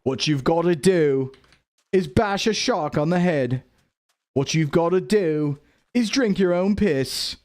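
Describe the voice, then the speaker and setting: A man's voice: a little high, expressive, slow pace, darkish tone, voice pushed up. A young man doing a mock-serious impression of an intense male survival-show host giving orders.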